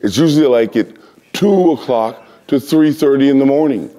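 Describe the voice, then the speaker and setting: A man being interviewed, telling casual anecdotes in an animated way and acting out voices and sounds. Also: mid-range voice, moderate pace. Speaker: interview guest.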